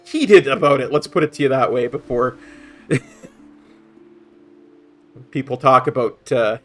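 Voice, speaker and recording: A man's voice: medium pitch, a little slow. A middle-aged Canadian man with a mid-range voice, chatting as he streams a game. He rambles and restarts, doubling up words as he works toward his point. Faint game music plays underneath. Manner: rambling, repeats words while searching for a point. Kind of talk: casual chat while gaming.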